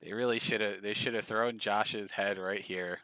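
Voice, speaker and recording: A man's voice: fairly low pitch, fairly even intonation, normal speed, pushed and bright, clean tone, no echo. A man streaming, giving casual, profane, mocking commentary on clips.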